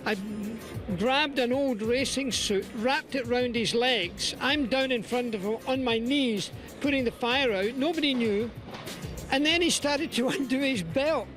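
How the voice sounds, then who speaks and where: An older man with a Scottish accent, a racing broadcaster, telling a lively anecdote. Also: very high-pitched, a little slow, over music.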